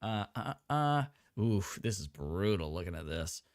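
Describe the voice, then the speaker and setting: A young man co-hosting a casual live stream, excitable and quick to exclaim and laugh. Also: deep voice. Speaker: co-host.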